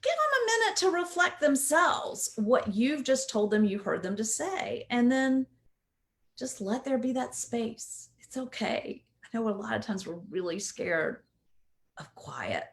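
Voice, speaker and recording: A woman coach giving a casual instructional talk in a conversational way, often checking in with "right?". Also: fairly high pitch.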